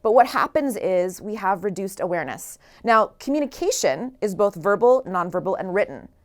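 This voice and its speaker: A woman's voice: medium pitch, animated, moderate pace. A woman author giving an earnest motivational talk, asking the listeners rhetorical questions. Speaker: author and speaker.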